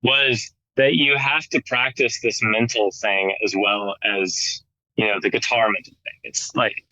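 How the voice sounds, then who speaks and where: Unhurried and steady, this American man in his thirties, a guest guitarist, talks casually in an interview, rambling with many "like"s and restarts. His lowish voice is bright and forceful, captured on a rough recording.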